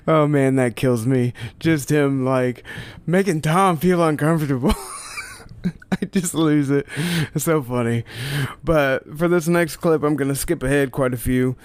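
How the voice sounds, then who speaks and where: A man's voice: on the high side, slow, pauses often, clear, resonant tone. A man hosting a casual podcast, introducing clips in a laid-back, chuckling, rambling way. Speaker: podcast host presenting clips. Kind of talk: casual solo narration between clips.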